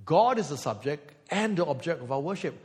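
In a large hall, a pastor delivers a chatty sermon in a fairly high, darkish, sing-song voice, talking a little fast. He pokes fun at the congregation and sings fragments of songs along the way.

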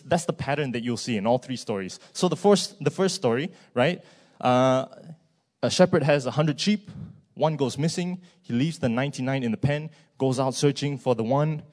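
A man's voice: mid-range voice, darkish tone. Casual male preacher. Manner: conversational, often adds "right?" and fillers. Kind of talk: sermon. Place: church.

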